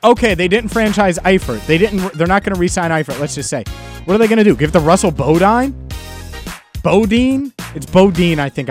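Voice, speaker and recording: A man hosting a solo sports podcast, talking in an emphatic, frustrated and sarcastic way. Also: high-pitched. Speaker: podcast host.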